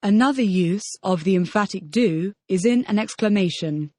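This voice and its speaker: A woman's voice: medium pitch, normal speed, warm tone, dry recording, studio quality. A woman reading the model answers in a scripted audio language lesson, repeating each question as a full-sentence answer. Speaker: model student answering drills.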